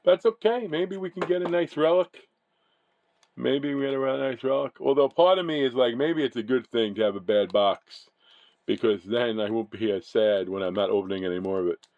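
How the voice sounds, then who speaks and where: A man's voice: mid-range voice, moderate pace, no echo, phone-quality sound. A man casually chatting as he opens trading card packs, rambling and often correcting himself. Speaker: card-breaking channel host. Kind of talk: casual chat while opening card packs.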